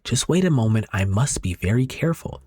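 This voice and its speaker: A man voicing a deranged, doting middle-aged mother in a dramatic reading of a horror manga, cooing with an eerie calm. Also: medium pitch, brisk, slightly rough, no echo, clean studio sound. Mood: obsessive. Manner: cooing, eerily calm and obsessive.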